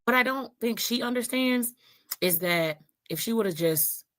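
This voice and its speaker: A woman's voice: a little high, expressive, measured pace, very noisy. A woman in a clip from another creator's video, talking emphatically and indignantly with rhetorical questions. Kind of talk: casual commentary video.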